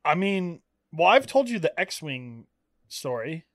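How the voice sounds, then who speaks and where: A young man co-hosts a casual podcast chat, laughing easily and getting heated in his rants. His voice sits high for a man. The recording is close and dry. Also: big pitch swings, slow, dry recording. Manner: laughs often, gets worked up ranting. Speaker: podcast co-host.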